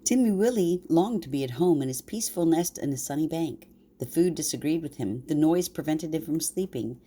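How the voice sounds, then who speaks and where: An older woman reading a bedtime story aloud to her grandchildren in a warm, unhurried way. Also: low voice, animated, husky.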